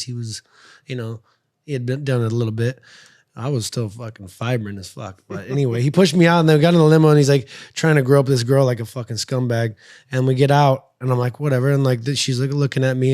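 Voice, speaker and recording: A man in a studio, chatting casually on a podcast. He tells stories in an animated, profane way. His pitch sits in a plain middle range. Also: no room sound. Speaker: podcast co-host, fighter. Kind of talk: casual chat, storytelling.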